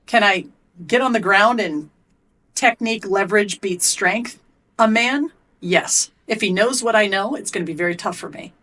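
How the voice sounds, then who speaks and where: As a podcast guest, a middle-aged woman who competes and coaches swears plenty while bluntly and animatedly retelling events. Her voice sits mid-range at a moderate pace.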